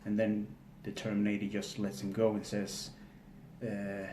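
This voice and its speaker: Man, casual recap, stop-start, faint room hum. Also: on the low side. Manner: halting, many fillers and restarts, flat delivery. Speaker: film recapper. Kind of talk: casual spoken film recap. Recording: echoey room with faint ambience.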